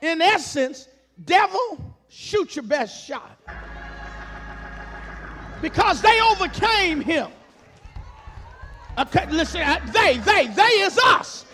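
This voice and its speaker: A man preaching in a very high, bright voice that cuts through. He takes his time, drawing words out slowly, and drives his points home with emphatic, rhythmic call-and-response and repeated phrases. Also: sing-song. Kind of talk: sermon.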